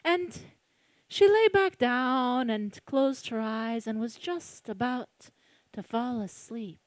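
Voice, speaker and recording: A Colombian woman telling a spooky folk tale aloud, hushed and dramatic, with suspenseful pauses. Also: on the high side, no echo. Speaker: storyteller. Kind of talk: live oral storytelling.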